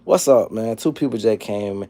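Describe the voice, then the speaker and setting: A man in his forties hosting a casual livestream, rambling and profane, dropping to low mumbles and then breaking into loud, animated rants. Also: normal speed. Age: 40s. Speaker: livestream host. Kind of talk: casual livestream chat, reading chat comments.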